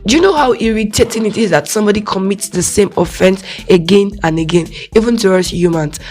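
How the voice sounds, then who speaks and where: A woman's voice: mid-range voice, fairly quick. Young nigerian woman doing a solo faith podcast, chatty, acts out voices, laughs a lot, faint music behind. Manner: animated, laughs often, acts out little quoted voices. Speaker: podcast host. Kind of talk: casual faith podcast monologue.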